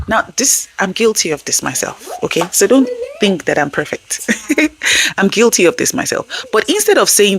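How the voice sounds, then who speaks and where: A woman's voice: fairly low pitch, big pitch swings, normal speed, a little hiss or hum. A woman hosting a parenting channel, giving conversational tips to camera in an earnest way and often checking in with her listeners.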